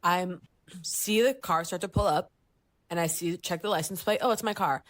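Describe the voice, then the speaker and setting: Woman podcast cohost, lowish voice, dead dry studio sound, acts out all the voices. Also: moderate pace, dry recording. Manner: animated storyteller, acts out voices and jumps up high for quoted lines. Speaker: podcast co-host. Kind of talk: casual chat, telling a story.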